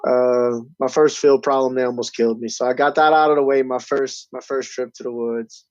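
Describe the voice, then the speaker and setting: A man telling stories in casual, profane podcast chat, animated and loud on quoted lines. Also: medium pitch, brisk, no echo. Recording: dull, dry lo-fi recording.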